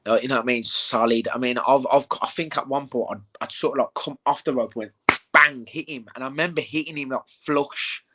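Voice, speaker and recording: A young man in a casual interview, telling animated stories with plenty of swearing and "mate.". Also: medium pitch, fairly quick. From England. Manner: animated storytelling, swears, says "mate" a lot. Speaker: bare-knuckle fighter, interview guest.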